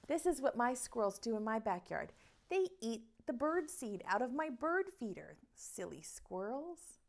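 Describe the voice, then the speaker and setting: Slow, sing-song preschool teacher woman. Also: on the high side, big pitch swings, gravelly. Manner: slow, sing-song storytelling voice that asks children questions. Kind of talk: online circle time, reading a picture book aloud.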